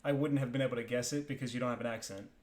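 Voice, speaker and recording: A man's voice: medium pitch, steady tone, rapid-fire. A man from New Jersey hosting an interview, asking friendly, rambling questions in a casual way. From New Jersey, United States. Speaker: interviewer, host.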